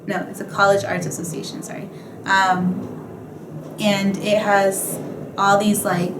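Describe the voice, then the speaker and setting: A young adult woman, an interview guest and history graduate student, talking casually with lots of fillers and acting out what others said to her. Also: medium pitch. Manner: chatty, filler-heavy, acts out what others said. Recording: echoey room, faint ambient noise.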